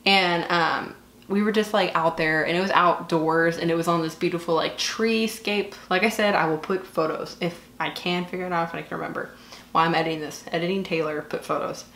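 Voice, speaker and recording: A beauty vlogger in her twenties with a Southern US accent chats casually and gushes while doing her makeup, using lots of fillers. Her voice is lowish and a bit bright, fairly quick and fairly even in intonation. The room is echoey, with a little hiss or hum.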